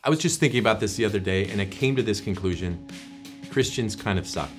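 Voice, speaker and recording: A man's voice: fairly low pitch, fast talker, soft background music. A male pastor teaching a short devotional in an earnest, conversational way, with prayers.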